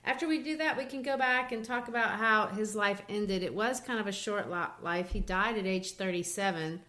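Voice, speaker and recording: A woman explains poetry on a literature podcast in a relaxed, chatty way. She is lively, animated and laughs lightly now and then as she talks. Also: medium pitch, moderate pace. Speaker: podcast co-host. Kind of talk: casual literature discussion.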